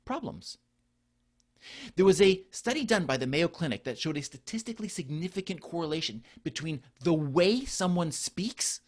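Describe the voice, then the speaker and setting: A middle-aged man delivers a conference talk as a doctor, earnest and explanatory. His pitch rises and falls freely, and he keeps posing rhetorical questions to the audience. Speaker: physician presenter. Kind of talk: conference presentation.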